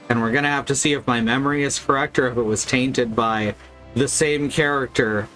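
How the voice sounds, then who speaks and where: A man's voice: medium pitch, a bit bright. A man streaming a video game live, commenting casually and wryly. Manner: casual, wry, critical.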